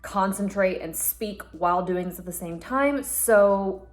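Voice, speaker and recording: A woman beauty vlogger chatting casually and upbeat to camera, with quick asides. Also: mid-range voice, faint music behind.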